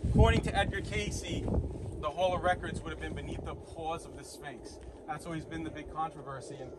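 A tour guide and host with a Boston accent leads an outdoor walking tour at an ancient site, pointing things out and explaining them in an animated, persuasive way. His voice is on the high side and brisk, with outdoor traffic noise behind him.

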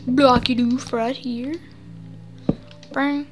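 A woman hosting casual gameplay commentary, energetic and goofy, rambling on with lots of fillers into a close desk mic. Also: high voice, very slow, music in the background. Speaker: gaming channel host. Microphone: desk mic close to the mouth.

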